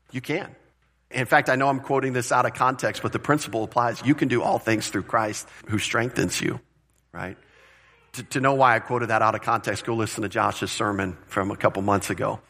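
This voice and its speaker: A man preaching a sermon to his congregation, emphatic and animated, repeating phrases and asking the room questions. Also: mid-range voice, moderate pace. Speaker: pastor.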